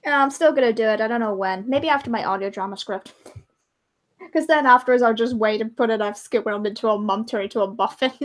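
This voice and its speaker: A woman with a high voice chats casually on a livestream. She rambles and giggles, dropping into small acted-out voices as she goes. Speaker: livestream co-host. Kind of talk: casual chat.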